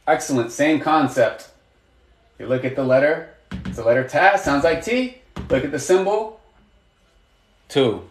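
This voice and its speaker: A man's voice: on the high side, reverberant. A man teaching a live online lesson, patient and encouraging, asking students questions and praising their answers. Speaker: Arabic teacher.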